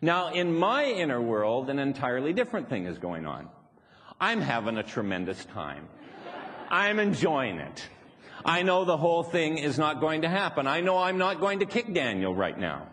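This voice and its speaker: His voice is on the high side, very animated and a bit bright, at normal speed. He is the speaker at a live motivational seminar, chuckling and teasing his audience while making his point, recorded in an echoey hall with faint background noise.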